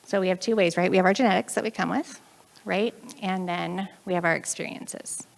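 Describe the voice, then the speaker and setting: A woman with an American accent giving a chatty, animated conference talk, often acting out the voices of the people in her stories. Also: on the low side, a little fast, vocal fry. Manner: chatty, animated, acts out quoted voices, frequent laughs. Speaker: conference speaker.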